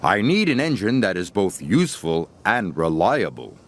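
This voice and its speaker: A man's voice: low voice, big pitch swings, moderate pace, very noisy. A man voicing a stern, formal older male railway boss in a storybook reading.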